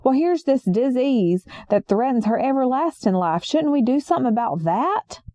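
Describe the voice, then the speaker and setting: A woman voicing a preachy, hot-tempered middle-aged male small-town sheriff who shouts and sermonizes. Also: sits high, expressive, moderate pace, no echo. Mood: preachy lecturing.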